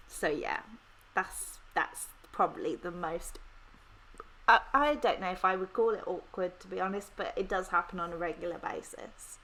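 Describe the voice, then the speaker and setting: A woman's voice: medium pitch, rough recording. A young adult woman with a Birmingham (Brummie) accent, chatting casually while answering viewer questions, laughing often and poking fun at herself. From Birmingham, England. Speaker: planner vlogger answering questions. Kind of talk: casual Q&A chat.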